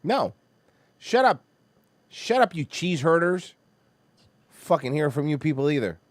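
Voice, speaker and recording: Animated profane Florida man. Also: fairly high pitch, a little slow, no room sound. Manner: loud, animated, mocking, swears constantly. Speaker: podcast host. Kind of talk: profane comedic rant.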